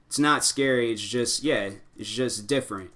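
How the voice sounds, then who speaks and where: A man's voice: medium pitch, moderate pace, bright, forceful tone. A young man hosting a casual talk show, reading advice posts aloud and rambling through them in loose slang with lots of fillers. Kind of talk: casual chat.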